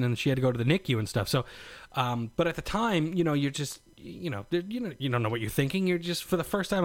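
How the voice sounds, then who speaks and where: A man's voice: medium pitch, dry recording. Rambling, swearing young man, dry sound. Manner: rambling, profane, lots of fillers. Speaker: new father telling his birth story. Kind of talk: casual storytelling vlog.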